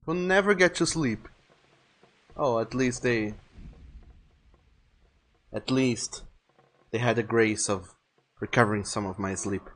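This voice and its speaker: A man's voice: medium pitch, takes it slowly, pauses often, fairly bright tone. A man streaming a video game live, chatting casually, reading viewer messages aloud and swearing freely.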